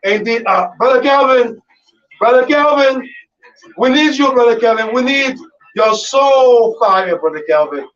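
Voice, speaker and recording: Hype radio host, man, high voice going raspy, loud ad-libs, dull distant mic. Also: a little slow. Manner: loud, excitable, chanting ad-libs. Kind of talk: hype live radio banter.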